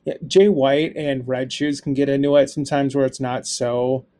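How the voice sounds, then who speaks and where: A young adult man co-hosting a podcast, chatting casually and telling animated, profane stories. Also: medium pitch, normal speed. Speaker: podcast co-host.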